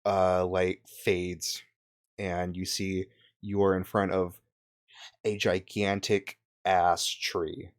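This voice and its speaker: Slow, low-voiced young game master. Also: male voice, flat delivery. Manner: hesitant, many fillers and restarts. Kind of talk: narrating a tabletop game.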